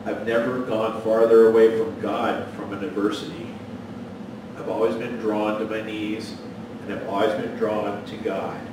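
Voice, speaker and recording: A man's voice: medium pitch, very echoey, far from the mic, background noise. A man preaching a sermon as pastor, folksy and storytelling, with a joke that he acts out in voices. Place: church sanctuary.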